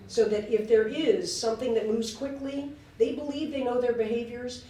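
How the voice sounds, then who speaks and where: Older woman in her 60s, animated storyteller, slightly high voice, echoey hall, heard from a distance. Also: slight background noise. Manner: animated, laughing, fillers and restarts. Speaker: interview guest. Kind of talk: lively storytelling on stage. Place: live event hall. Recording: echoey room, voice from far off.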